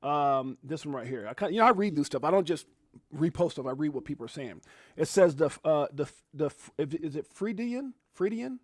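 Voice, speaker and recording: A man hosting a casual livestream, talking straight to his viewers in an animated, chatty way. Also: a little high, fairly quick, no room sound, clean studio sound. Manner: animated, talks directly to viewers with shout-outs. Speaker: livestream host.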